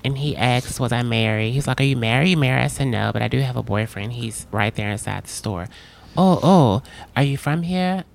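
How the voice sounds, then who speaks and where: A woman from Alabama, co-hosting a casual podcast and telling stories with lively acted-out quotes. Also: extremely low pitch, fast talker, gravelly, hardly any pauses. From Alabama, USA. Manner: animated storytelling, acts out quotes. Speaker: podcast co-host. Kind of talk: casual chat.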